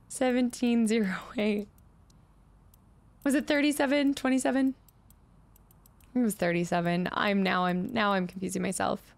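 A woman's voice: medium pitch, steady tone, moderate pace, vocal fry, long pauses. A woman commenting on her own gameplay, muttering number combinations to herself, chatting with viewers and laughing often. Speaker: gaming streamer. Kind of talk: let's play commentary.

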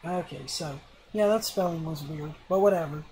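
A let's play gamer giving casual commentary, reading the game's dialogue aloud with sarcastic asides and clearing their throat as they come down with a cold. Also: medium pitch, moderate pace, darkish tone, slight background noise, poor audio.

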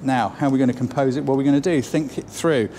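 A man's voice: mid-range voice, fast, mellow, a little hiss or hum. Chatty man teaching photography. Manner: chatty, encouraging, thinks aloud while shooting. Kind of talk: on-location photo lesson. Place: outdoors then inside a building on a shoot.

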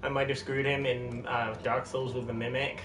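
A man giving casual, jokey commentary while live-streaming a game, with sudden excited outbursts. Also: medium pitch, moderate pace. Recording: roomy, distant mic, noisy.

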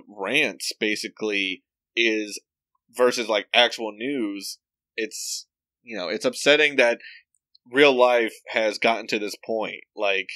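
A man's voice: fairly low pitch, sharp tone, dry recording. A young man co-hosting a casual movie podcast, sharing film trivia in a chatty way. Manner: talkative, shares film trivia. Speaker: podcast co-host. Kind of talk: casual chat.

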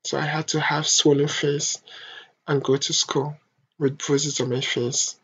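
A young adult vlogger from Africa, speaking in a soft, halting, emotional confessional monologue. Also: medium pitch, little pitch movement, husky. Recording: dull lo-fi home recording.

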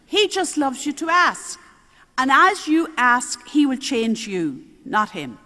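An older woman, a nun giving a spiritual talk on prayer, telling stories in a lively way with little chuckles. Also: high voice, slow. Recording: roomy hall reverb.

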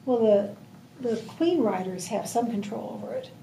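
A woman's voice: on the high side, lively intonation, normal speed, vocal fry, warm tone. A woman taking part in a book discussion, speaking hesitantly and restarting her phrases. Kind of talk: casual discussion. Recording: roomy room, distant mic, faint noise.

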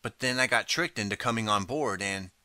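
A man's voice: fairly low pitch, a little fast, pushed and bright, no room sound. A man voicing a nervous young time traveler who fumbles excuses in an audiobook story. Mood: flustered.

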